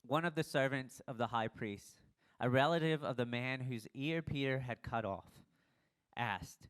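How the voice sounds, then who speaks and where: Pastor preaching in a casual, storytelling way. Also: male voice, medium pitch, a little slow, clean tone. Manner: conversational, acts out quoted dialogue. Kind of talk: casual sermon.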